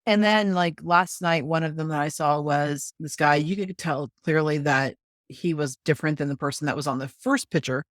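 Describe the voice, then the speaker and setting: A woman's voice: low-pitched, normal speed, no room sound, clean studio sound. A woman hosting a podcast, talking frankly and with firm opinions. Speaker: podcast host. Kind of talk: casual podcast conversation.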